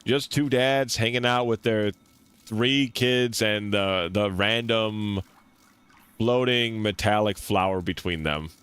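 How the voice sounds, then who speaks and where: A man streaming a game, commenting in an excitable, joking way with swearing and laughter. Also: lowish voice, takes it slowly, clear, resonant tone, no room sound. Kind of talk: let's-play commentary.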